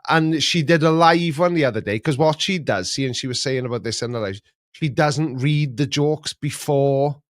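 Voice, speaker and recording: A man's voice: mid-range voice, normal speed, no room sound, clean studio sound. A middle-aged man hosting a live stream, chatting casually and rambling between stories, chuckling at his own jokes.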